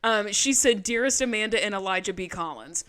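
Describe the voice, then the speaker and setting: A young woman co-hosting a podcast in casual, animated chat, swearing freely and laughing often. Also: mid-range voice, a little fast, smooth. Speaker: podcast co-host.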